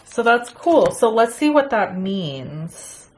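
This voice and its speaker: A middle-aged woman casually chatting through a crafting unboxing, excitable and gasping at pretty pieces. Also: fairly high pitch, slow. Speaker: crafting channel host.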